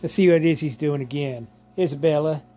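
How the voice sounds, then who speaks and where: In his home living room, a vlogger films his dogs and talks to them in a doting, drawling way, laughing often. His voice is a little high, a little fast, and dark in tone.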